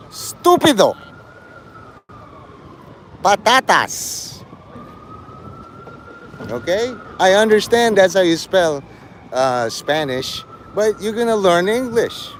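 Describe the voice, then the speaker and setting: A man's voice: high-pitched, a little hiss or hum. Mocking, sing-song male streamer. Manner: mocking, sarcastic, profane. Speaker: live streamer. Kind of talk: rambling livestream banter.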